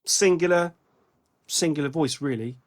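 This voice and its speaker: A man's voice: fairly high pitch, a little slow. A man co-hosting a casual music podcast, rambling as he talks, often restarting and correcting himself. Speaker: podcast co-host. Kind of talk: casual music-review chat.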